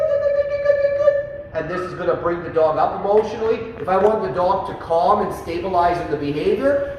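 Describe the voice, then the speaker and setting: Animated man explaining dog training. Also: high-pitched, far from the mic, a little hiss or hum. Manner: animated, acts out commands to dogs in a loud excited voice. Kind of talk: instructional talk. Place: dog training facility, indoors. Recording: echoey room, away from the mic.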